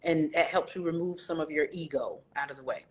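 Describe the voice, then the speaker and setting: A woman's voice: deep voice, brisk. A woman in her forties, a guest author in a candid interview, telling her story with animation and acting out other people's voices.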